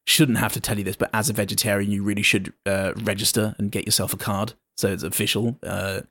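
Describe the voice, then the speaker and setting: A man's voice: fairly low pitch, flat delivery, quick pace, a bit bright, dry recording, clean studio sound, voice pushed down. A man voicing a pompous, condescending middle-aged man obsessed with meat, in a tabletop role-play. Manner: lecturing, condescending.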